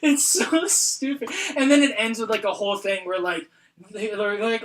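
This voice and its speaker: A young man with a high voice chats casually as a podcast host, retelling scenes animatedly and stacking up fillers. The room around him rings with echo. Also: animated, normal speed, fairly bright tone, slight background noise. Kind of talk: casual chat. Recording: roomy echo.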